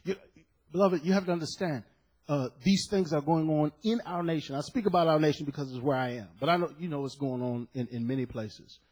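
Man, pastor, fiery sermon, husky, slightly high voice, big swings in loudness. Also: fairly quick. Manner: impassioned preaching, swinging from hushed to shouting. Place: church.

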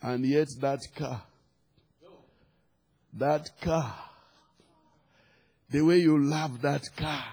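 A middle-aged man from Uganda with a Ugandan accent, preaching a sermon, swinging from soft asides to loud proclamations. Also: on the high side, steady tone, very slow, gravelly, pauses often, slightly rough. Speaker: pastor.

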